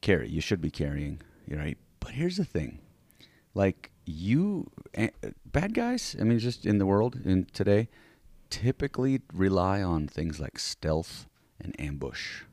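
A man with a very deep voice that rises and falls a lot chats on a podcast. He speaks in bursts, stopping to restart and adding "right?" to his points. The recording is dry and close. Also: slow pace, dry recording. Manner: animated, many restarts and tag questions. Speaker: podcast co-host; self-defense instructor. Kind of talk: casual chat.

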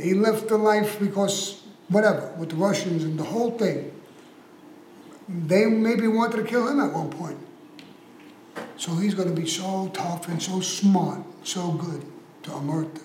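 A man's voice: high-pitched, darkish tone, roomy sound, slight background noise, rough recording. A man who was once in prison tells blunt, profane stories as an interview guest. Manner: profane, heated, emphatic. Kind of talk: casual storytelling in an interview.

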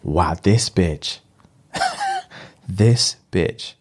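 A man's voice: low-pitched, extremely slow, breathy edge. A young man, chatting casually as he retells a film plot in slang and acts out the characters' lines. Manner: animated storyteller with slang, acting out the lines.

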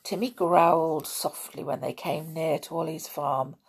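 A woman narrating a children's storybook in a soft, measured way. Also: low-pitched, steady tone, slightly rough. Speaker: audiobook narrator.

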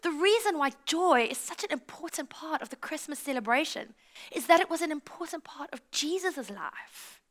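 A woman giving a lively, conversational sermon in church, acting out little quotes as she tells stories. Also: high voice, normal speed. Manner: animated storytelling with acted-out quotes. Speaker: pastor.

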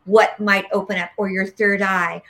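A woman guest in an interview, an animated storyteller who acts out the dialogue she quotes. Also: medium pitch, moderate pace. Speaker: guest, medical intuitive healer.

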